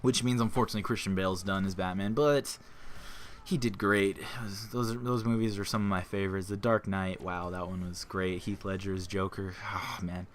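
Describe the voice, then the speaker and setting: A young man talking casually and excitedly while playing a game, rambling and repeating himself. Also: deep voice, moderate pace, a little hiss or hum. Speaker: gaming YouTuber. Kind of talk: casual excited monologue over gameplay.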